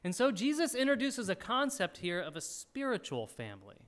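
At a moderate pace, a male pastor delivers a sermon in a high, animated voice that swings up and down as he teaches. Earnest and expressive, he reads scripture aloud and occasionally stops to clear his throat.

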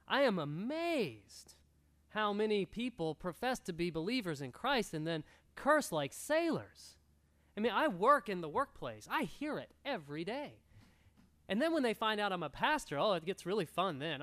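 A man's voice: sits high, sing-song, moderate pace, fairly bright tone. A male pastor preaching an earnest sermon to a room, exhorting and repeating his key points. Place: church room.

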